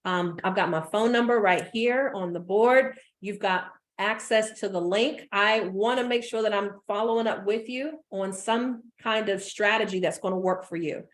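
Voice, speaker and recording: A woman business coach giving an energetic motivational talk, repeating phrases for emphasis. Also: mid-range voice, normal speed, few pauses.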